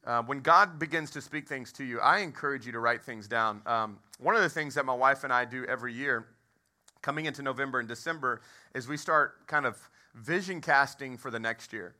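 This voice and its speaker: A man's voice: mid-range voice, fairly quick, sharp tone. A man in his thirties, a pastor, preaching and telling a funny story, asking the crowd questions. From Texas. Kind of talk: sermon with humorous story. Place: movie theater used as a church.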